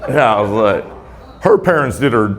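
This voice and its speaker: A stand-up comedian in his forties from Tacoma, Washington, USA, works a comedy club stage in a live set with a laughing crowd and background noise. His lowish voice is animated at a measured pace, and his rambling, self-deprecating jokes often make him chuckle himself.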